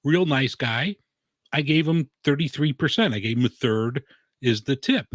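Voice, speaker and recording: A man's voice: mid-range voice, animated, moderate pace, dry recording. A man who writes about food and beer, chatting casually on a live stream in a rambling way, full of "like" and "you know".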